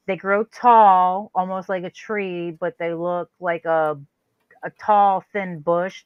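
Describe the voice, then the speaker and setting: A woman chatting casually on a stream, spinning a story with plenty of energy. Her voice leaps up high when she acts out what others said, and it sits close and dry with a slightly muffled sound. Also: smooth, no echo. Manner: animated, acts out quoted voices with sudden high pitch. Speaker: co-host.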